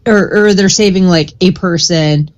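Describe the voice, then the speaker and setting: A woman on a live stream panel asking slow, probing questions, with fillers as she thinks. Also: on the low side, a little mellow, highs cut off. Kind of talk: political debate questioning.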